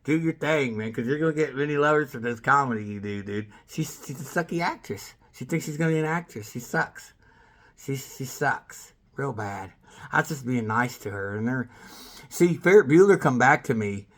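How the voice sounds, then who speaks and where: A man's voice: mid-range voice, animated, normal speed. A man rambling in a monologue to camera, calling people out by name and trailing off mid-sentence.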